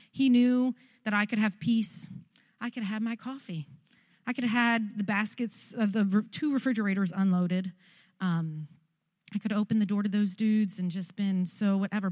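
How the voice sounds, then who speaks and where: A woman pastor telling a story in a sermon, animated and humorous. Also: mid-range voice, no room sound.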